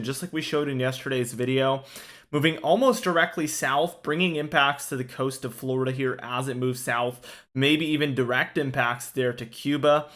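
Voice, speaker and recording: A male weather forecaster narrates maps in an easygoing, chatty way. His voice sits at an ordinary middle pitch, and he often restarts words and fills gaps with "uh". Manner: relaxed, talkative, many fillers and restarts.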